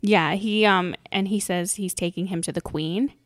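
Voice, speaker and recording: A woman's voice: mid-range voice, fairly even intonation, dry recording, clean studio sound. A woman co-hosting a podcast, chatting casually about an episode and laughing often. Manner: laughs often, quick reactions. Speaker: podcast co-host. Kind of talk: casual recap chat.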